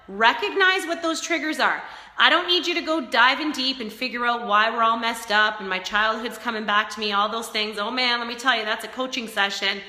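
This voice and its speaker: A woman fitness coach giving an energetic motivational talk during a live stream, speaking straight to her viewers. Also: high-pitched. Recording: echoey room with long reverb.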